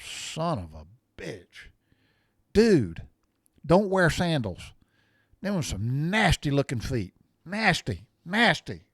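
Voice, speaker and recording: A man's voice: medium pitch, no room sound, studio quality. A man in his sixties chatting casually to his viewers, folksy and rambling, wandering off on tangents. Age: 60s. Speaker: vlogger. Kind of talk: casual chat.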